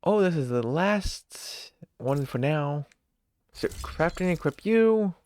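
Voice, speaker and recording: A game streamer chatting through a live session, reading item text aloud and cracking up at it. The talk is slow and unhurried while the pitch swings widely. The voice sits close and dry on the mic. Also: lively intonation, no echo. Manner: reads in-game text aloud, laughs easily, thinks out loud. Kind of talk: casual live-stream commentary.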